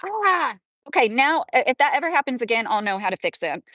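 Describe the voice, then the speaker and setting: A woman's voice: on the high side, lively intonation, fast talker, a bit bright, no room sound. A woman in her thirties with a Southern American accent, rambling casually to viewers during a live stream, full of fillers and chatting back to comments. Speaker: livestream host.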